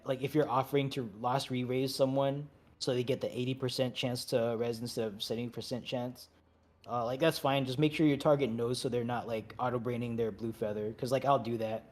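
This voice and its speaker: A man's voice: medium pitch, darkish tone. A man leading a game raid over voice chat, giving easygoing, chatty instructions with apologetic asides. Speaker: raid leader.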